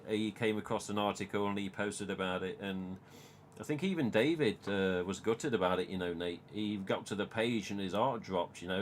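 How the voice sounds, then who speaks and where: A man's voice: lowish voice, slight background noise. A man in his forties with an English accent, hosting a casual live-stream chat, swearing often and quoting his own words. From England. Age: 40s. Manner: animated, swears a lot, quotes himself. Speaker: host.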